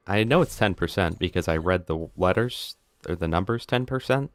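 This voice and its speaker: A man's voice: lowish voice, normal speed, hardly any pauses, fairly bright tone, dry recording. A man streaming a video game live, joking around and chatting to his viewers. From United States. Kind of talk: live gameplay commentary.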